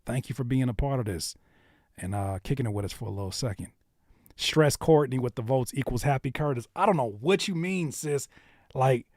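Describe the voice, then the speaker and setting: A man's voice: mid-range voice, fairly quick, a little mellow, dry recording, studio quality. A man hosting a live music reaction stream, bantering and teasing his chat viewers. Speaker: livestream host reacting to music.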